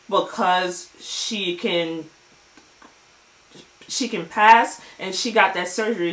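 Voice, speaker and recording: A woman recapping a TV episode in a casual vlog, with animated, profane storytelling. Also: medium pitch, echoey room. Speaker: TV show reviewer.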